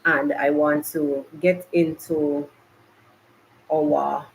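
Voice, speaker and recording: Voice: medium pitch, flat delivery, very slow, gravelly, slight background noise, rough recording. A podcast host from Jamaica, rambling in a chatty way straight to live viewers from a makeshift home studio, recorded on a laptop. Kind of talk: casual live-stream chat. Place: makeshift home studio, hot bright room.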